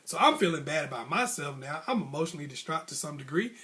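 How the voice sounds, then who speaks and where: Guy telling a story casual and animated, high-ish voice, slangy, does little voices for people. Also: fast. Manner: animated, acts out voices of coach and referee; casual, colloquial speech. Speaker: advice channel host.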